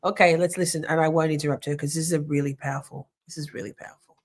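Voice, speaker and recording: A woman's voice: low voice, fairly even intonation, rapid-fire. An Australian woman hosting a livestream, chatting casually and rambling with many restarts as she reacts to a video and reads chat comments. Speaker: livestream host.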